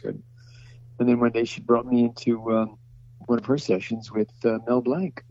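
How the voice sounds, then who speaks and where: A man's voice: lowish voice, flat delivery, moderate pace, a little mellow. An older man, a voice actor, telling long rambling stories in an interview and acting out the voices he quotes. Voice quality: gravelly, husky. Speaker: voice actor guest. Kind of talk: interview storytelling. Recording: dull lo-fi sound.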